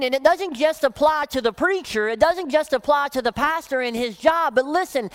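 A woman pastor preaching a sermon, emphatic, often dropping into soft, low phrases for weight. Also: moderate pace, few pauses.

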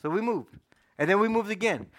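A middle-aged man preaching a personal testimony in casual, slang-filled storytelling that swings between loud and hushed. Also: sits high, animated, fairly quick. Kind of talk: sermon testimony.

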